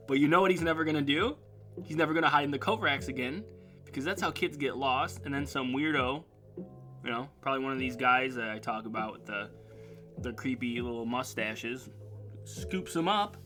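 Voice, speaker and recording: A man's voice: medium pitch, fairly even intonation, brisk, music in the background. A man in his thirties hosting a casual internet radio show, rambling and joking on his own. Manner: rambling, jokey, reads sponsor ads in a hyped voice. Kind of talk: casual solo talk show.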